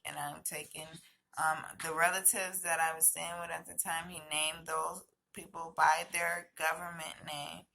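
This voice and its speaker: A woman recounting a personal story in a low, gravelly voice with a bright, forward edge. She speaks hesitantly, leaning on fillers and restarting her sentences. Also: little pitch movement, measured pace, slight background noise. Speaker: vlogger.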